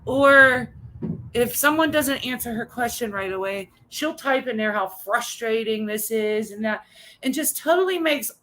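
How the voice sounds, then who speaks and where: A woman's voice: a little high, expressive, measured pace, sharp tone, a little hiss or hum, poor audio. A woman co-hosting a casual chat, telling an exasperated, ranting story. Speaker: co-host.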